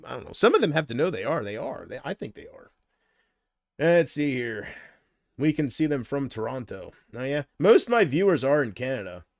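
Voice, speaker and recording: A man's voice: fairly high pitch, no room sound, studio quality. A man on a casual livestream, rambling and unsure, drifting between thoughts while he answers viewer comments. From United States.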